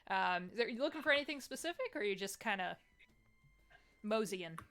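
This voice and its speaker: A woman's voice: mid-range voice, expressive, fairly quick, a bit bright, faint music behind. A woman running a tabletop game as game master, describing scenes in a chatty, descriptive way with many fillers.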